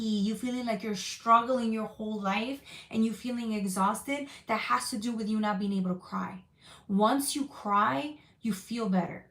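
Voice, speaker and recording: A woman giving a live tarot reading in a casual, comforting way, reading out viewer comments between cards. Her voice sits in a middle pitch. The room has a noticeable echo. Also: a bit bright. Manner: casual, reassuring, reads chat comments aloud. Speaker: tarot reader.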